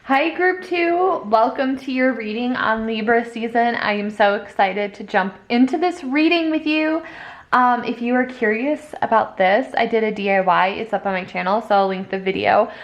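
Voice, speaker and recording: A woman's voice: on the high side, fairly even intonation, moderate pace. A young woman giving a casual tarot reading, talking in a rambling, upbeat way full of fillers. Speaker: tarot reader. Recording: echoey room.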